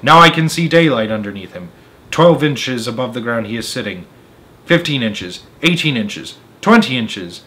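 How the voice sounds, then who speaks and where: A man reading a children's story aloud in first person, with dramatic swings between loud and soft. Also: medium pitch, big pitch swings, moderate pace.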